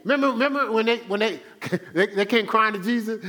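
A male pastor delivers a loose, conversational sermon, his fairly high voice swinging widely in pitch. He stammers through restarts and throws himself into acting out the people he quotes. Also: animated, normal speed, bright, forceful tone.

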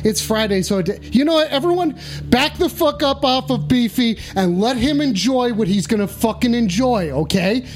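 A man hosting a rowdy, profane livestream, swinging between manic yelps and low mumbling asides. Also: lively intonation, normal speed, soft background music. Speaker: livestream host.

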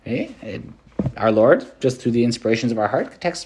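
Against a noisy background, a Catholic priest gives a loose, energetic preached meditation heavy with fillers. His male voice is slightly high, and he speaks at a normal speed.

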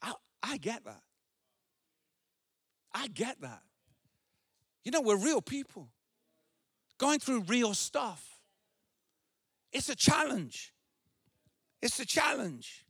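A male pastor preaching an earnest sermon, repeating phrases and rising to shouted emphasis. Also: very high-pitched, sing-song, slow pace, pauses often, slightly rough, no echo, clean studio sound.

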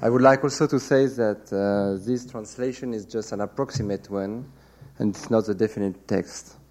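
A man's voice: fairly low pitch, steady tone, moderate pace, a little mellow. French-accented man reading his novel. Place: lecture hall, before an audience.

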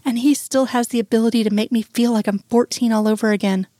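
A woman's voice: on the high side, fairly even intonation, quick pace, warm tone, dry recording, natural voice. A woman reading the lines of an upset young woman in her late twenties, keeping close to her own voice. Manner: read in the narrator's own voice.

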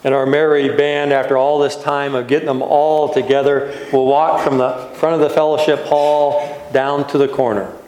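A man, a pastor, giving a reflective sermon in a gentle, unhurried way with soft trailing pauses. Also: medium pitch, level tone, slight background noise. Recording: echoey room.

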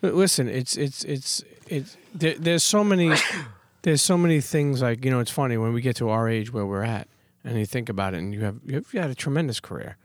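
A man's voice: medium pitch, brisk, hardly any pauses, dry recording. A man hosting a podcast interview, loose and talkative, swearing casually and repeating himself. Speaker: podcast host.

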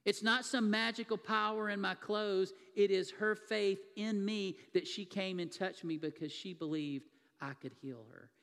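A man voicing a calm male healer who speaks in a steady, reassuring way. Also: sits high, normal speed, creaky. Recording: long hall reverb.

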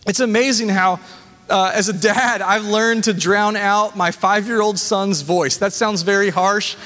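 A male pastor in his thirties preaches, reading scripture aloud and breaking off for personal asides. His voice sits high for a man. The sound carries the long reverb of a church hall. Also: steady tone, a little slow, bright, forceful tone. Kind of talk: sermon.

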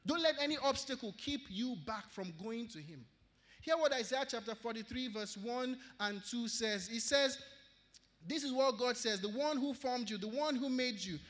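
A man with a Nigerian English accent preaches with a strikingly high voice and circles back to his key phrases. He delivers an earnest sermon in a church hall. A long reverb trails behind his words. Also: animated, moderate pace, a bit bright. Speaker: pastor.

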